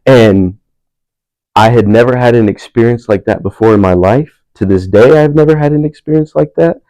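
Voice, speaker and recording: A young man telling a personal story in a casual panel talk, relaxed and laughing, animated when quoting people. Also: medium pitch, moderate pace, no room sound, low-quality recording. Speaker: panel speaker.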